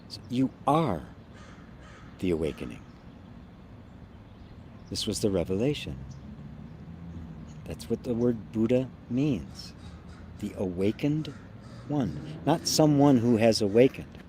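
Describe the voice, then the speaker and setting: Low mellow guy hosting a live satsang, slow and soft, trails off quiet, faint hiss behind. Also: lively intonation. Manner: slow, soft and reflective, often trailing off quietly with gentle laughs. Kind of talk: live-stream talk answering chat comments.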